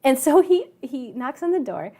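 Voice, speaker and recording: Lady math teacher talking to kids online, chatty, a bit high-pitched. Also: big pitch swings, moderate pace, warm tone. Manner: chatty, storytelling, asks kids questions. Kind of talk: live online class.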